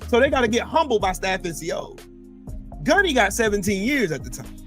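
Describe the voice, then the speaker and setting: A man's voice: sits high, brisk, faint music behind. A man, a military veteran hosting a casual chat, telling profane stories with lots of laughter. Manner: animated, profane, laughing storyteller. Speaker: podcast host, military veteran.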